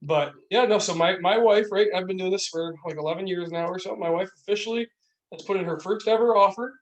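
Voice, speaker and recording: High-pitched guy rambling on a podcast, kinda far from the mic, lots of likes and ums. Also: brisk. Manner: animated, rambling storyteller with many fillers. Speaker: podcast co-host. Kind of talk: casual chat. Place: small room, beer podcast.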